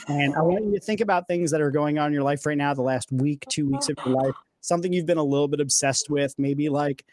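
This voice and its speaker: A fast-talking man hosting a casual podcast, speaking at a middle pitch. He sounds enthusiastic and loose, full of fillers and restarts. The voice is close and dry. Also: darkish tone, no echo. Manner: enthusiastic, filler-heavy, repeats words. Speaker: podcast host.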